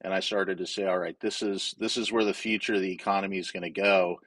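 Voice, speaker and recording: A man's voice: low voice, fairly even intonation, fast, fairly bright tone, dry recording. A man from Wyoming, a guest in a casual interview, speaking candidly in a storytelling way with frequent restarts.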